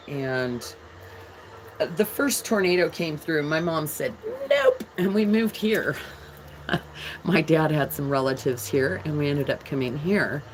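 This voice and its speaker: A woman's voice: low voice, a little hiss or hum, poor audio. A woman from England hosting a jewelry live stream, chatting casually with viewers and reading their comments aloud as she shows pieces.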